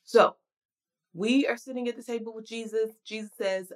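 A woman's voice: on the high side, steady tone, normal speed. A woman preaching a casual devotional sermon in a conversational, slangy and emphatic way.

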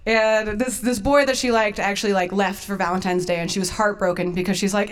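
Twenties woman, storytelling-night host, loose and self-deprecating, quick to laugh. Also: mid-range voice, steady tone, clean tone. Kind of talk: live personal storytelling.

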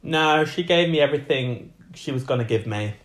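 A man co-hosting a podcast in casual chat, playful and quick with his remarks. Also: a little high, expressive. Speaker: podcast co-host.

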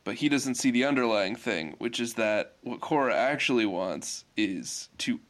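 A man in easygoing conversation, talking at a middling pitch and wandering through his points with plenty of "like" and "um". Now and then he jumps into playful quoted voices before settling back. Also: normal speed. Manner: rambling, many fillers, animated acted quotes. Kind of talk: casual chat reviewing a cartoon episode.

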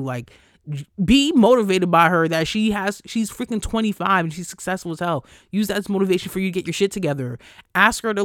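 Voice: medium pitch, dry recording, studio quality. A podcast host ranting heatedly, swearing constantly and peppering the talk with "like". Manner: heated, profane, fast-cutting rant; frequent cursing and "like" fillers. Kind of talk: solo podcast rant.

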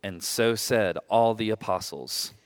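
A man reading scripture aloud in a slow, solemn group reading. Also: on the low side, smooth. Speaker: scripture reader.

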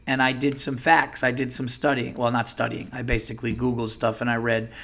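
A man's voice: medium pitch, fairly quick, vocal fry. A man hosting a comedy podcast, telling profane stories and acting out the people in them. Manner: profane, animated, acts out voices in quotes. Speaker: podcast host. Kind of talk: comedic storytelling monologue.

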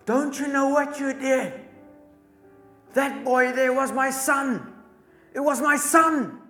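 A man voicing an older army general and anguished father who shouts and pleads in an echoey church hall. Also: very high voice, slow, soft background music, voice pushed up, full character voice. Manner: shouting, pleading, repeating himself.

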